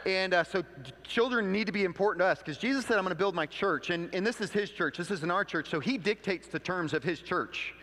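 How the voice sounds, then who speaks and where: A man's voice: high-pitched, a little fast, sharp tone, big-room sound. A man pastor delivering a conversational sermon, telling stories with quoted asides and leading a prayer. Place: church sanctuary.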